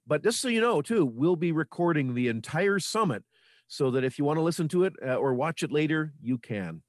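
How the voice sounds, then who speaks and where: A man's voice: on the high side, lively intonation, brisk, no echo, clean studio sound. A man from Manitoba, Canada, speaking as a guest in a casual radio interview, earnest and informative with small restarts. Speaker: radio guest on local history.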